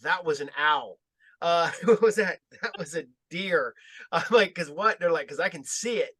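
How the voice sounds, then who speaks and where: A man's voice: fairly high pitch, moderate pace, breathy edge, dry recording. Profane storytelling man, dry sound. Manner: profane, laughing, animated when retelling. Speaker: guest filmmaker. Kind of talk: casual storytelling chat.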